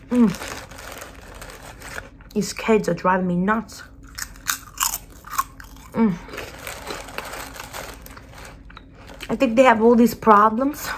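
A woman's voice: a little high, slow, long pauses, noisy background. Woman playing Charlotte, a blunt New Jersey counselor. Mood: grumbling. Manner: blunt, self-centered, keeps calling the listener sweetie. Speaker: school counselor. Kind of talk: whispered role-play.

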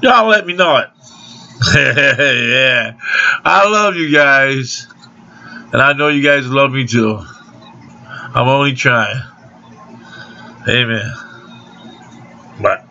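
Man, casual vlogger, very slow drawl, bright tone, dull lo-fi home recording. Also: mid-range voice, faint music behind. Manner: loose and rambling, drawling, laughs between lines. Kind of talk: casual rambling vlog with off-key singing. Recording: dull lo-fi home video audio.

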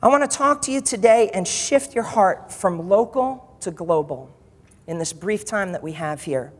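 Emphatic preacher in a reverberant hall. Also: male voice, high-pitched. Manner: emphatic, repeats phrases for effect. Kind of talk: sermon.

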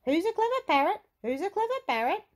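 Woman doing a shrill squawking storybook parrot. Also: very animated, fast. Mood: squawky. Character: squawking female parrot that copies words.

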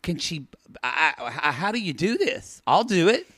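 A man co-hosting a podcast in casual chat, animated and playful, jumping into high-pitched quoted voices. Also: moderate pace, husky, no echo, studio quality. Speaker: podcast co-host.

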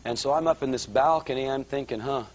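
A man's voice: medium pitch, fast, a little hiss or hum, low-quality recording. Man telling his testimony to a church. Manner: conversational storytelling, grows excited and louder. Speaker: guest speaker giving a testimony. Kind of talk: sermon testimony storytelling. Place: live church service.

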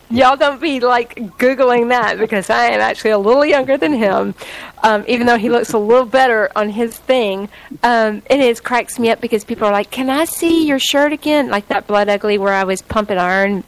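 A woman's voice: fairly high pitch, steady tone, normal speed, rough recording. A middle-aged woman hosting a radio talk show, with a playful put-on Southern accent and a chatty, rambling way of talking. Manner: chatty, rambling, laughs often. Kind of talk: casual radio chat.

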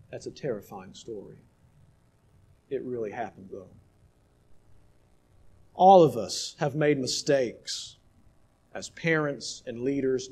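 A male pastor preaching a sermon emphatically, swinging from loud exhortation to hushed asides. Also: mid-range voice, breathy edge.

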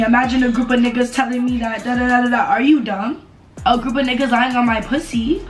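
A woman with a fairly high voice rants through a casual storytime, cursing freely and hammering her points with repetition. She sounds roomy and echoey, with faint music underneath. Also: fast. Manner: animated and profane, with emphatic repetition. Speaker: vlogger telling a story. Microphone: camera mic.

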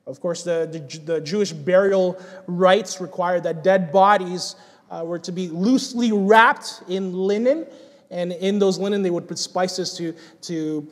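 A man with a high voice preaches an earnest, animated expository sermon. He often restarts his words as he works through the text. A long reverb trails each phrase, as in a large church hall. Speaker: pastor.

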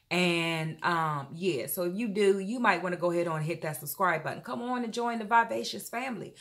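A woman chatting casually to her viewers in an animated haul vlog, calling them y'all and feeling a little unwell. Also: fairly low pitch, a little fast, few pauses. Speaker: vlogger.

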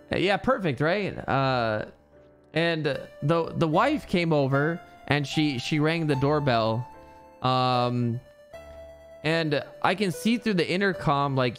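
Casting: young man, streamer, loose rambling chat, cusses freely, slightly high voice, faint music underneath. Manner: rambling, swears freely, many fillers. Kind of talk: casual chat while gaming.

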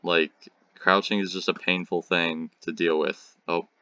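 A man's voice: low voice, little pitch movement, measured pace, sharp tone, dry recording, highs cut off. A teenage boy hosting a gaming video, giving rambling, jokey commentary and talking back to enemies on screen. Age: teen. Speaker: gaming channel host. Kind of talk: casual gameplay commentary.

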